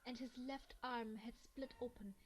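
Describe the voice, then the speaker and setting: A woman's voice: fairly high pitch, steady tone, normal speed, a little hiss or hum, rough recording. A young German woman with a German accent, reading a visual novel aloud and reacting emotionally in between. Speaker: gaming let's player.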